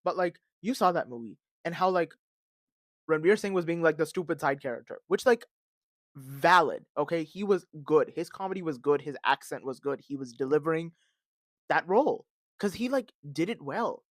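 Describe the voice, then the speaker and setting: A man hosting a podcast, talking in a casual, animated and dramatic rant full of fillers and recorded on a phone. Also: fairly high pitch, normal speed, no echo, studio quality. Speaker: podcast host. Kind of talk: casual ranting commentary.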